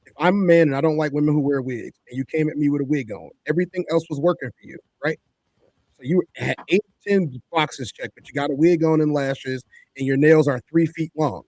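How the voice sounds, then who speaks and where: A man co-hosting a talk show, talking in an emphatic, sermon-like way that hammers each point home through repetition. His voice sits a bit high for a man. It sounds dry and close, with no room around it. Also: a little fast, darkish tone, no echo. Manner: emphatic and preachy, repeats his points for effect. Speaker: podcast co-host. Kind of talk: opinionated talk-show commentary.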